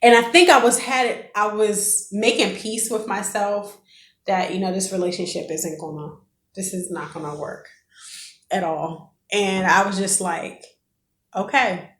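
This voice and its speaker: A woman's voice: mid-range voice, measured pace, a little hiss or hum. Chatty woman telling a storytime. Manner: chatty, emotional storyteller addressing viewers. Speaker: vlogger. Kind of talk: storytime vlog. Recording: echoey room.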